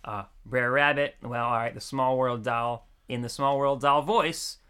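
A man's voice: mid-range voice, measured pace, pushed and bright, smooth. A man hosting a casual podcast chat, talking loosely, laughing often and tripping over repeated words. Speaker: podcast host.

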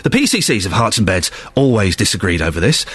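A man presenting a local radio show, chatting between callers and reports in a lively, teasing way. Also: on the low side, quick pace, slightly rough. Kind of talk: local radio phone-in and news chat.

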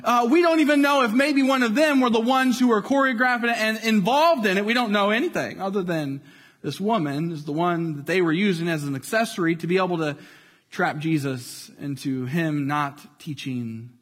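A man preaching a sermon, retelling a scripture story in a casual, animated way and dropping to near-quiet at dramatic moments. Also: sits high, normal speed, in a large hall. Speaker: pastor.

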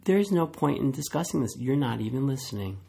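A man as a podcast guest, chatting casually and telling animated stories, acting out what people said. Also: medium pitch, a little fast, creaky, husky. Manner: animated storyteller acting out quoted dialogue. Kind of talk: casual chat.

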